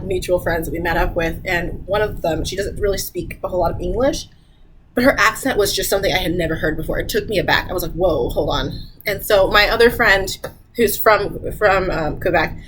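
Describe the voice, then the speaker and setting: A woman talking casually to camera with travel advice. She is chatty, laughs often and jumps up in pitch when she mimics people. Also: a bit bright, a little hiss or hum, low-quality recording. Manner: chatty, laughs often, repeats "I'm gonna tell you right now".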